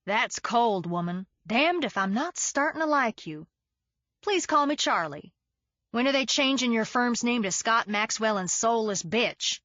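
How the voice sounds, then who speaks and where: A woman's voice: a little high, animated, a little slow, fairly bright tone, dry recording. A woman voicing a cocky, mocking lawyer guy. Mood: amused. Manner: mocking, drawling put-on hick accent. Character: cocky teasing beach-bum lawyer man, early forties.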